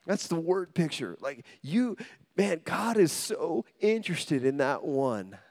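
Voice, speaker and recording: A man's voice: on the high side, slow pace, creaky, no room sound, clean studio sound. A man preaching a sermon, telling funny stories and calling out to the congregation for responses. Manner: animated storytelling with call-and-response to the congregation; humorous, acts out quoted voices. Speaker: pastor.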